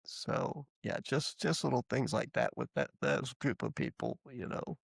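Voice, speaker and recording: A man being interviewed, casually telling lively anecdotes with frequent restarts. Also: mid-range voice, normal speed, creaky, breathy edge, no room sound. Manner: animated, laughing anecdotes with acted quotes. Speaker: interview guest. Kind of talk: casual storytelling.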